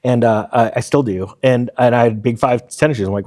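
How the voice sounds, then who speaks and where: A man's voice: mid-range voice, fast. Man telling stories animatedly. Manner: animated storyteller, acts out quoted dialogue. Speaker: guest, former firefighter. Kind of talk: casual storytelling interview.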